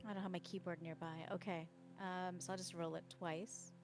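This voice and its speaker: A woman playing in a live-streamed tabletop game, chatting casually and excitably. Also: lowish voice, moderate pace, over music. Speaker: player.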